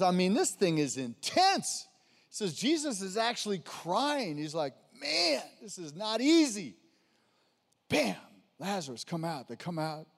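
A man, a pastor, preaching a conversational sermon and calling out to his congregation. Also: sits high. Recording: long hall reverb.

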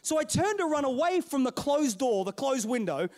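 A middle-aged male pastor telling a story in a sermon, playful and animated, calling out to his congregation. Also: extremely high pitch, moderate pace.

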